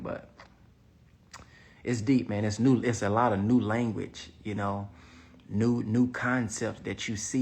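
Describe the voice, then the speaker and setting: A man's voice: mid-range voice, vocal fry, a little mellow, slightly rough. A man talking casually to camera as an online business coach, reflective and emphatic, sometimes dropping to a near whisper. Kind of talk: casual motivational vlog talk.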